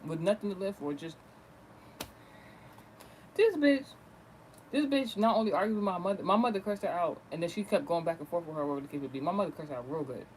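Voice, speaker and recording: High-voiced man in a profane storytime rant. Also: very fast, few pauses, a little hiss or hum, poor audio. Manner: animated, profane, gossipy. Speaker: vlogger.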